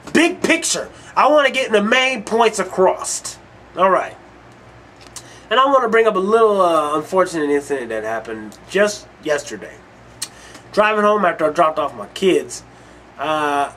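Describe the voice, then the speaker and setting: Guy hosting his own show, ranting and cussing a lot, pretty high voice, bright and sharp. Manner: heated, cursing, storytelling. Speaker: online show host. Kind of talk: profane ranting monologue.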